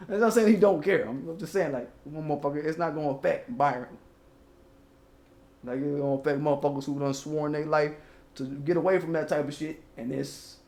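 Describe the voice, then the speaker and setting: A man's voice: a little high, a little mellow, roomy sound. A man hosting his own channel, giving loose, profane casual commentary and rapping old lyrics along the way. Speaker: channel host.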